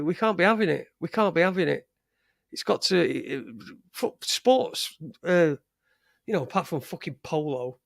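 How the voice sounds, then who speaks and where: A man's voice: fairly high pitch, creaky, no room sound, studio quality. A man hosting a live show, talking in a profane, rambling way, full of restarts and trailing thoughts. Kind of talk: casual live-stream rant.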